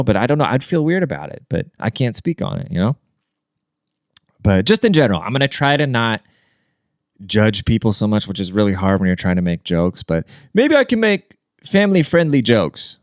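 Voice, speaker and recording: A man talks through his solo podcast in a loose, rambling way, swearing freely and filling his sentences with "like" and "dude". His voice comes across smooth and clear, recorded close to the mic in a dry space. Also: mid-range voice, very animated, fairly quick, no room sound. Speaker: podcast host. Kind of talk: casual podcast monologue.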